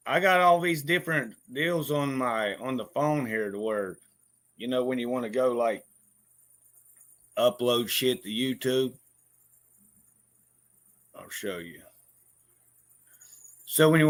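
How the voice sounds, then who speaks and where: A man chats casually on a vlog in a medium-pitched, fairly bright voice. He rambles, swears freely, and laughs a lot.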